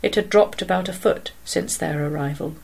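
A woman narrating a story aloud in a steady, measured way. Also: on the low side, vocal fry, breathy edge, poor audio.

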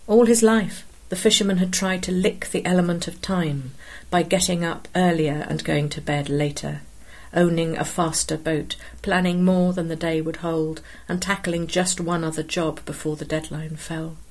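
A woman narrating a literary story in a measured, expressive reading. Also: on the low side.

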